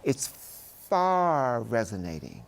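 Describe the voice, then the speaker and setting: An older man, a Broadway actor giving a studio interview, speaking in measured, oratorical phrases. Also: medium pitch, huge pitch swings, creaky.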